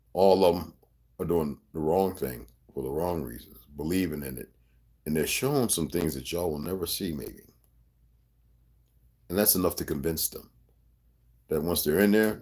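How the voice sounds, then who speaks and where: Speaking directly to his viewers, a video blogger with a very deep, low, slightly mellow and husky voice launches into a rambling personal monologue. He swears freely, hammers his points home with a conspiratorial edge, and keeps asking whether his audience is following him.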